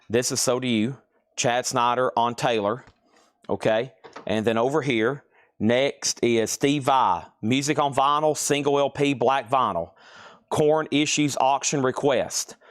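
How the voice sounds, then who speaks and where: A man hosting a live record sale, briskly calling out prices and buyers' names and repeating them like an auctioneer. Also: medium pitch, dry recording, studio quality.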